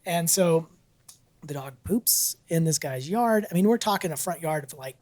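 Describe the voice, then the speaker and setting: A man's voice: a little high, normal speed, no echo. A man co-hosting a podcast, telling a story casually, laughing often and acting out what people said. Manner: animated, laughs often, acts out quotes. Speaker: podcast co-host.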